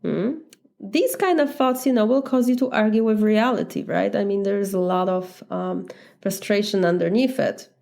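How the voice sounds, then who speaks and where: A woman with a Polish accent talks through her thoughts as a life coach in a solo podcast. Her voice sits at an ordinary middle pitch, and she speaks candidly and reflectively, with light laughter between thoughts. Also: steady tone, moderate pace, vocal fry, darkish tone. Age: adult, married. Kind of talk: podcast monologue.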